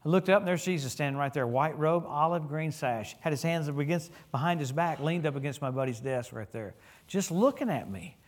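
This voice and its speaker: A middle-aged man preaching a sermon in a church, telling stories with humor and swinging his voice up and down as he gets caught up. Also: fairly quick. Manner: animated storytelling with humor, lively pitch swings. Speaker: guest preacher.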